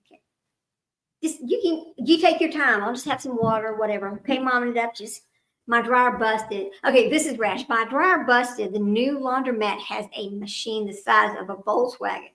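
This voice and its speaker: Giggly high-voiced woman in a roomy space. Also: normal speed, fairly bright tone. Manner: giggly, laughs at herself often, chatty and rambling. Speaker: livestream host running trivia. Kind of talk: casual chat with live viewers. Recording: roomy echo.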